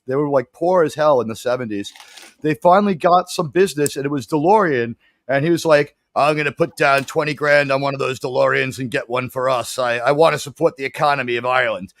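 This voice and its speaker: A man's voice: mid-range voice, dry recording. A man co-hosting a casual chat, telling stories with wry jokes, speaking very close to the microphone. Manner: joking, storytelling, wry. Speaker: co-host.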